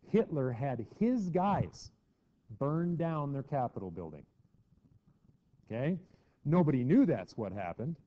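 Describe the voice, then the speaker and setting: Animated man teaching history, lo-fi. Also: medium pitch. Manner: chatty, acts out quotes with mock voices. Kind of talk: classroom history lecture. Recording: dull lo-fi classroom recording.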